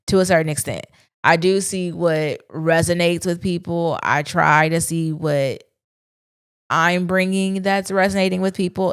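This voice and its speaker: A woman's voice: deep voice, smooth, no echo, studio quality. A woman hosting her own podcast, talking candidly and casually in a reflective solo monologue, with slang. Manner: candid, conversational, speaks her mind with slang. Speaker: podcast host.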